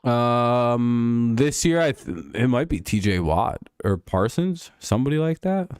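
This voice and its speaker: A man's voice: medium pitch, lively intonation, measured pace, darkish tone, smooth, no echo, clean studio sound. A man hosting a casual live stream, riffing sarcastically and swearing freely. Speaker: podcast host.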